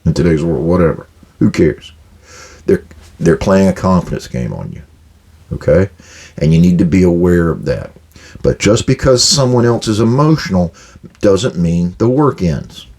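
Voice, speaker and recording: A man's voice: sits low, big pitch swings, normal speed, darkish tone. An older man hosting a management advice talk, blunt and direct, acting out quoted exchanges with workers. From United States. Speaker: podcast host giving management advice.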